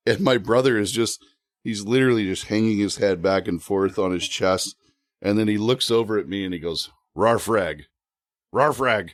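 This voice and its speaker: A man telling a funny story as a podcast guest, animated and often laughing. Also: on the low side, normal speed, no echo, studio quality. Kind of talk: casual storytelling.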